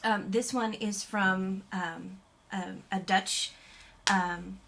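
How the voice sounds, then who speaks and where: A woman's voice: mid-range voice, fairly even intonation, drawn-out words, gravelly, fairly bright tone. An American woman vlogging to camera in casual chat, chatty and rambling with frequent fillers, restarts and little laughs. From United States. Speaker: YouTube vlogger.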